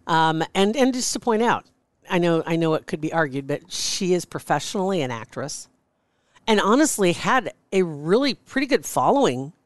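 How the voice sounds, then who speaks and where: A woman's voice: fairly low pitch, sing-song, normal speed, dry recording. A woman co-hosting a podcast, chatting casually and laughing as she tells stories. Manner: gossipy, laughs while telling stories. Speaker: podcast co-host. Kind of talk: casual chat.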